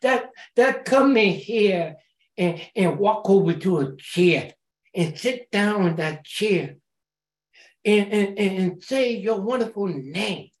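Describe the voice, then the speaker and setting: Woman sharing at a meeting; very slow, halting delivery, encouraging tone, echoing room. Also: medium pitch, animated. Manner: halting, repeats words on restarts; warm, encouraging. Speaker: recovery meeting member. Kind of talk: sharing at a support group meeting.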